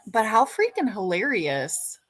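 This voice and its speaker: A woman's voice: mid-range voice, wildly swooping pitch, a little slow, a bit bright. A woman hosting a livestream, chatting casually and giggling. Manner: giggly, amused. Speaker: livestream host.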